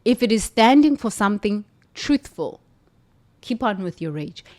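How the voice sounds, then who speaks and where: A woman from the United States, a former nun, telling a spiritual story in an emphatic, animated way. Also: mid-range voice, normal speed. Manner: animated, emphatic, laughs between lines.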